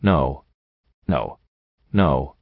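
A man voicing a rotting, deranged ghoul stallion prince who talks grandly with a booming, boiled-sounding voice and bursts into screams. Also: very slow, gravelly, dry recording, narrow, tinny audio, full character voice. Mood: raging. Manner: grand, menacing, erupting into screams.

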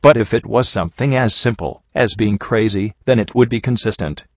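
A man reading the lines of a calm, thoughtful young mare in an audiobook, measured and reasoning. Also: on the low side, no room sound, dull audio, natural voice. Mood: earnest.

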